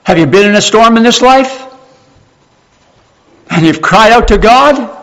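A man preaching a sermon, emphatic, repeating key phrases slowly and dropping to hushed tones. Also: high-pitched, expressive, poor audio.

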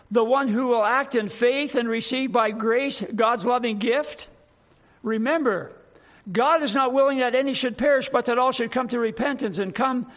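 A man's voice: extremely high pitch, a bit bright. An older man preaching a sermon, fervent and stretching key words for emphasis, on a dull lo-fi recording. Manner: fervent, drawn-out emphatic phrases.

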